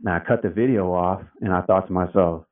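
Male guest, very low voice, sits far off the mic, chatty storyteller who acts out quotes. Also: brisk. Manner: loose and chatty, filler-heavy, acts out quotes. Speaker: interview guest. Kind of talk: casual storytelling. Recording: tinny phone-like sound, distant from the mic.

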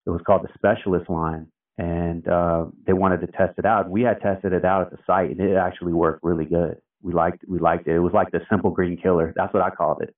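Male guest, very low voice, sits far off the mic, chatty storyteller who acts out quotes. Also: flat delivery, a little fast, hardly any pauses. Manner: loose and chatty, filler-heavy, acts out quotes. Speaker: interview guest. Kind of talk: casual storytelling. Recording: tinny phone-like sound, distant from the mic.

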